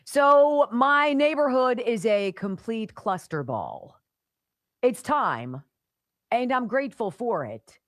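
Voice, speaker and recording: Animated, sarcastic female radio host. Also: a little high, slow pace, no echo, studio quality. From Pittsburgh area. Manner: animated, sarcastic, mocking asides. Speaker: radio talk show host. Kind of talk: opinionated talk radio monologue.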